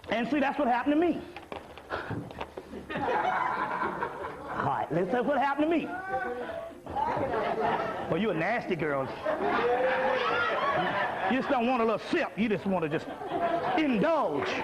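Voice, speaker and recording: High-voiced profane man lecturing, lo-fi. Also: very noisy. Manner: profane, streetwise, comic preaching with repeated asides. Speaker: lecturer on spirituality. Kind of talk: lecture to a live audience. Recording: dull lo-fi lecture recording.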